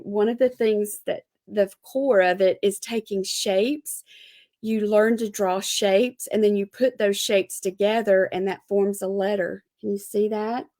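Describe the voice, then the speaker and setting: A woman's voice: mid-range voice, a little mellow. Chatty middle-aged woman teaching art. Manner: friendly, chatty, showing items to camera. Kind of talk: casual live demonstration.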